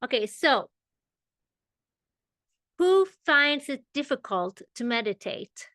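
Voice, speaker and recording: A woman teaching a meditation class, explaining ideas in an unhurried way and checking in with her listeners. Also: sits high, sing-song, fairly bright tone, no room sound. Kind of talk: spiritual teaching.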